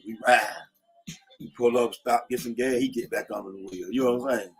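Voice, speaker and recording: A man's voice: medium pitch, fairly even intonation, fairly quick, faint music behind. A middle-aged man casually telling old street stories, slangy, often saying "you know what I'm saying". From Atlanta, USA. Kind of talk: casual storytelling. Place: in a car.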